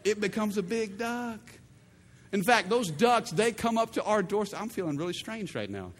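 A middle-aged male pastor preaching with a high, lively voice that swoops up and down, full of playful call-and-response. His sermon rings out with the long reverb of a large church hall, with faint room ambience behind it. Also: normal speed, slight background noise.

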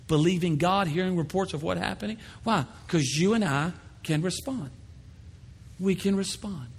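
A man preaching a lively sermon as pastor, acting out the voices of other people in bursts. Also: sits high. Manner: animated, acts out voices of others. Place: church sanctuary. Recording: long hall reverb.

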